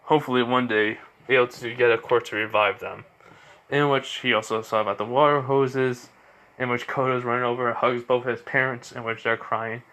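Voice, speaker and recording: A man's voice: mid-range voice, bright, forceful tone. A man narrates an improvised fan-fiction story in a loose, rambling way. He stops often to correct himself and fills gaps with "basically" and "you know.". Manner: rambling, many fillers and self-corrections.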